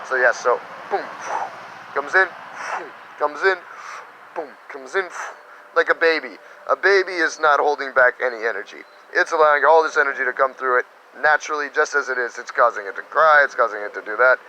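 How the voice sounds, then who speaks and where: A man teaching meditation in a casual spiritual talk, animated and slipping into little quoted voices. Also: medium pitch, fairly quick, a little hiss or hum, poor audio.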